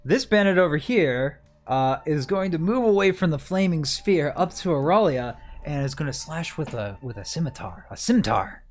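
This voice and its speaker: Guy dming a tabletop game, kinda high voice, chill and jokey, swears a bit, faint music behind. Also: expressive, moderate pace, hardly any pauses. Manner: casual, laughs often, swears offhandedly. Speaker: game master.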